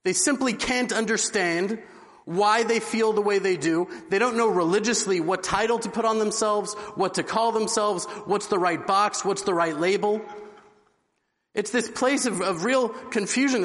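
In a long, reverberant hall, a man gives an inspirational religious talk and earnestly relates a story. His voice is high and a bit bright, at a moderate pace.

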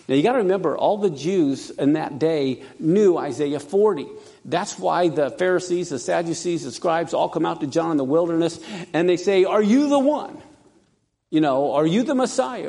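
A man preaching a sermon, emphatic, reading scripture aloud with rising excitement. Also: high voice, vocal fry.

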